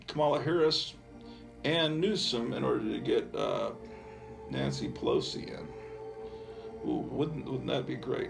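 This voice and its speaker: Gravelly, rambling man showing off comics. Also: medium pitch. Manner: digressive, offhand, with frequent fillers. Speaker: comic book collector and channel host. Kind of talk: casual rambling show-and-tell.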